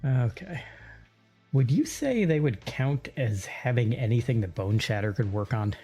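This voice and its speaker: A man's voice: mid-range voice, lively intonation, unhurried, warm tone, breathy edge, soft background music. Chatty man thinking aloud at the game table. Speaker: player.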